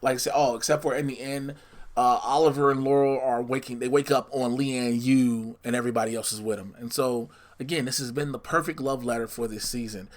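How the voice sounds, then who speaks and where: A man's voice: medium pitch, fairly even intonation, brisk. Scatterbrained man recapping TV shows casually. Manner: scattered, self-correcting, chatty, teasing listeners with spoilers. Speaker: podcast host. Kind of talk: casual solo podcast recap.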